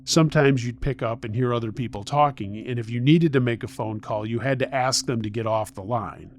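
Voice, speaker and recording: A man's voice: medium pitch, a little fast. Man narrating a scary story.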